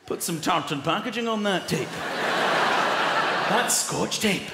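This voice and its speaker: Animated stand-up man in a big echoey hall. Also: sits high, unhurried, creaky, heavy background noise. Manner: animated, mimics Scottish voices, shouts punchlines. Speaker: stand-up comedian. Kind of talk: stand-up comedy routine. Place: large theatre with live audience. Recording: echoey hall with loud crowd.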